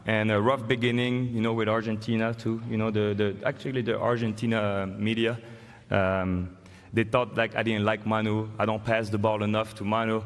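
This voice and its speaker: A man in his forties with a French accent, giving an acceptance speech in a casual, halting way with fillers. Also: on the low side, level tone. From France. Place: large arena stage. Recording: long hall reverb, faint noise.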